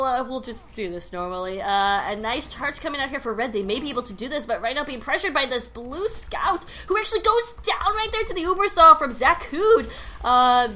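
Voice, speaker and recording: Bright, jokey woman esports caster. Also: fairly high pitch. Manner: jokey, riffing between plays. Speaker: esports commentator. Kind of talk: casual game commentary.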